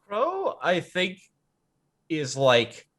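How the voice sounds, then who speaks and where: Male player, slow delivery, slightly high pitch, dry. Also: huge pitch swings, fairly bright tone. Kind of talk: tabletop role-play.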